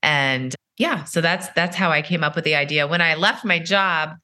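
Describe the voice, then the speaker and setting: A middle-aged woman with a low-pitched voice speaks in an interview as a company founder. Her tone is bright and forceful. She explains things in a measured way, often pausing on "uh" and "you know". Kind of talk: podcast interview answers.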